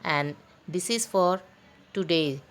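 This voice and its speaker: A woman teacher leads a recorded lesson for children. She speaks very slowly and deliberately, spelling words letter by letter and pausing often with fillers. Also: on the low side. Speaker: school teacher. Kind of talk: recorded online class.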